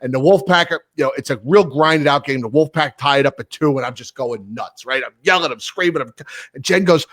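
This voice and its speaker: A man's voice: medium pitch, brisk, fairly bright tone, dry recording. A man co-hosting a casual sports podcast, ranting animatedly and swearing freely. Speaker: podcast co-host. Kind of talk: casual chat.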